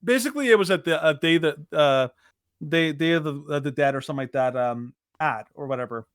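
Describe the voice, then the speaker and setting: A man with a fairly high voice talks through a casual podcast chat, stumbling over fillers and restarts as he hunts for words. He turns animated when he mocks something. The sound is dry and close, with no room around it. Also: a little fast, dry recording. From Latino heritage. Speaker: podcast co-host.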